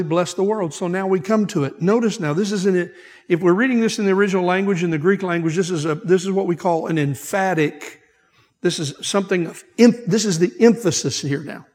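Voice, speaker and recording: A man preaching a sermon as pastor, emphatic, repeating key phrases and slowing down to stress them. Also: sits high, darkish tone. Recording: long hall reverb.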